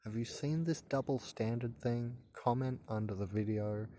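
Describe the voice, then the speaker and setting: A man in his thirties hosts his own channel, talking casually to camera in a rambling monologue full of stammers, hesitations and restarts. His mid-range voice is mellow and moves at a moderate pace, with a little hiss or hum in the recording.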